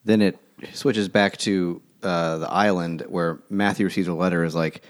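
A man's voice: sits low, fairly even intonation, moderate pace, hardly any pauses. A man co-hosting a book club podcast, recapping plot in casual chat with dry, wry remarks.

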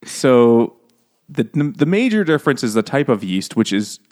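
A man's voice: medium pitch, very animated, unhurried, a little mellow. A man co-hosting a podcast in casual chat, jokey and laughing often, explaining things at length. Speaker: podcast co-host.

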